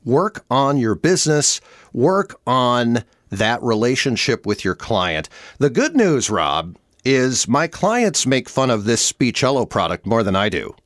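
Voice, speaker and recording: A man's voice: medium pitch, very animated, a little slow, fairly bright tone, no room sound, clean studio sound. A man hosting a podcast, talking in an emphatic, exasperated casual chat. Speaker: podcast host.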